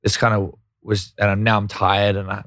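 A man's voice: fairly low pitch, monotone, moderate pace, a bit bright, no echo, studio quality. A young man with an Australian accent, chatting casually as a podcast guest, filling his talk with "like". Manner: laid-back, lots of "like" fillers. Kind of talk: casual chat.

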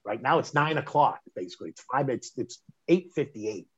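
A middle-aged man, telling a personal story in conversation, animated and emphatic, often restarting mid-phrase. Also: medium pitch, normal speed, breathy edge. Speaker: interview guest recounting a personal story. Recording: dull lo-fi sound.

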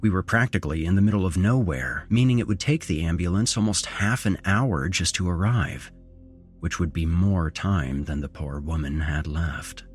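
A man narrating a first-person horror story as a podcast host, with measured pacing and dramatic shifts in intonation. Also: low voice, soft background music.

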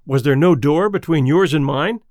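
A man's voice: fairly high pitch, moderate pace, darkish tone, dry recording, studio quality, lightly acted. A man reading aloud, voicing an eager, curious male hotel guest.

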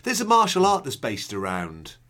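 A man co-hosting a live comedy podcast, firing off quick questions and wisecracks. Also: mid-range voice, huge pitch swings, fairly bright tone. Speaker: podcast co-host.

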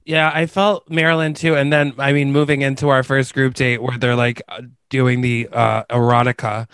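Smooth-voiced man telling a story on a podcast. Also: mid-range voice, little pitch movement, normal speed, fairly bright tone, no room sound. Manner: storytelling with many fillers. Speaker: podcast co-host. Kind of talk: casual chat.

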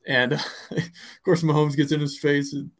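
A man's voice: on the high side, level tone, measured pace. A man co-hosting a podcast, chatting casually about football in a rambling way, full of restarts and fillers. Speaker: podcast co-host. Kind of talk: casual sports chat.

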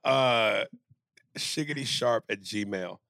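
Gravelly, animated man hosting a podcast. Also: mid-range voice, moderate pace, dry recording, clean studio sound. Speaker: podcast co-host. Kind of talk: crude comedic podcast banter.

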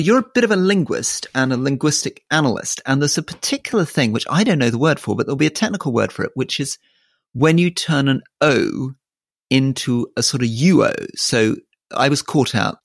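A man hosting a political talk podcast, his voice gravelly and a little husky, recorded dry and close. He speaks with lively ups and downs, playful and halting, repeating words as he builds his point. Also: medium pitch, no echo. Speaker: podcast co-host. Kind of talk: casual political chat.

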